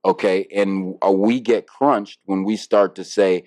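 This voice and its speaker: A man's voice: sits low, fairly even intonation, unhurried, hardly any pauses, a little mellow, no room sound. A man, a harpist guest in an interview, talking casually and reflectively with many fillers and restarts.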